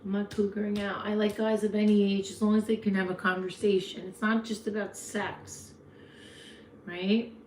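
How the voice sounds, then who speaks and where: A woman's voice: medium pitch, level tone, moderate pace, echoey room, slight background noise. A woman in her fifties with a New Jersey accent, hosting a casual livestream and chatting frankly back to viewer comments. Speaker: livestream host. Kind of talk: casual live chat reading comments.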